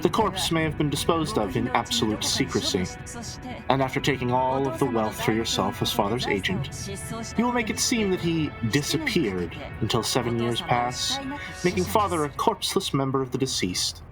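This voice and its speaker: A man voicing a sharp-tongued scheming middle-aged woman in a visual novel read-through, needling and mocking, his voice leaping up high. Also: very animated, moderate pace, lightly acted. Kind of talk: dramatic reading of a visual novel. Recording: music playing behind.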